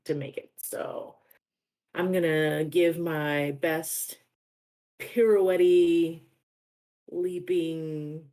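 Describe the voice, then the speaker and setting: A woman's voice: deep voice, steady tone, very slow, long pauses, dark tone. A woman playing a tabletop game in a playful way. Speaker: player. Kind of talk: tabletop role-play.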